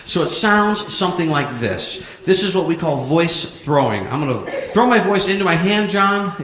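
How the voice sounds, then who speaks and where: Playful male ventriloquist comic working a live crowd, animated voice, recorded in a roomy theater. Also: sits high, normal speed. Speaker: ventriloquist comedian. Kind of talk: stand-up comedy with audience volunteer. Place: theater stage with audience.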